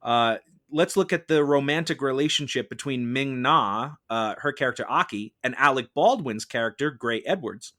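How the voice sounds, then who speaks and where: A man presents a prepared case as a mock-trial prosecutor. He argues in a measured, formal courtroom manner. His pitch sits in the ordinary middle range for a man. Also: bright, forceful tone. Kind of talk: prepared argumentative case delivered to a judge.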